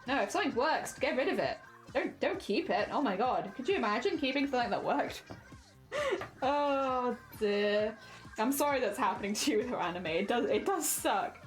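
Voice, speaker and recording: A woman's voice: a little high, expressive, normal speed, soft background music. A woman with a standard British accent, chatting casually on a stream while she works on a craft, rambling with restarts. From Hampshire, England.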